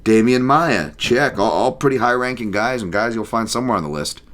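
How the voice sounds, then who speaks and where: A man hosting a podcast, chatting casually about martial arts and reading listener picks, animated and quick to laugh. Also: medium pitch. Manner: animated, laughs often, joking. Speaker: podcast host.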